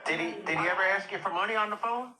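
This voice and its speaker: A man's voice: high voice, racing, a crowd in the background. A man interviewing a guest, putting in short prompts and pointed questions. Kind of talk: casual interview. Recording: echoey room with faint noise.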